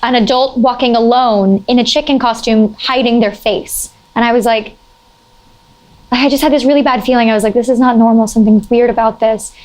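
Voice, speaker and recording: A young adult woman telling a casual anecdote in an animated way, full of "like" fillers and sudden high-pitched exclamations. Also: brisk. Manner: animated, heavy use of "like" fillers.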